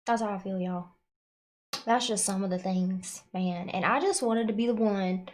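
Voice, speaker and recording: A woman's voice: mid-range voice, moderate pace, a little mellow, slight background noise. A woman hosting a casual livestream, rambling and swearing a lot, using "like" often, sounding nauseous and worn out. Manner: profane, rambling, confessional; frequent filler "like". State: nauseous and exhausted. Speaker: livestream host.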